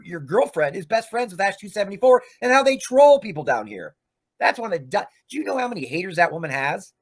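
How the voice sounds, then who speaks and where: A man's voice: high voice, sing-song, quick pace. A man hosting a livestream, ranting in a profane, combative way. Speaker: livestream host.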